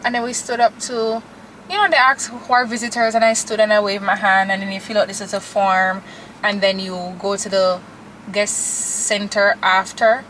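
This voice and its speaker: A woman's voice: medium pitch, fairly even intonation, moderate pace, fairly bright tone, slight background noise, poor audio. A young woman, chatting and gushing to camera as a vlogger from her car. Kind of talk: casual chat to camera.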